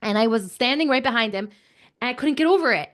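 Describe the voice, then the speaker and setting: A young woman telling an animated story to children, chatty and excitable, with lots of filler words. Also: fairly high pitch, quick pace.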